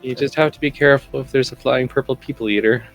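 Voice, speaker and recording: A man's voice: mid-range voice, fairly even intonation, quick pace, soft background music. Teasing, joking man player. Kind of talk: casual tabletop game chat.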